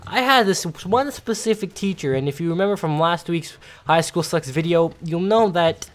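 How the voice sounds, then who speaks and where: A man's voice: on the high side, normal speed. A teenage boy ranting casually as a gameplay commentator, rambling with many fillers and restarts. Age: teens. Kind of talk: casual gaming commentary rant.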